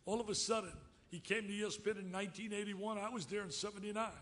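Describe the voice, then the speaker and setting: Brief: man in his 70s, high-pitched and bright, loud and exclamatory award speech. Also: quick pace. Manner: excitable, loud, storytelling, exclamatory. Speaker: award recipient giving a speech. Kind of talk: lively acceptance speech.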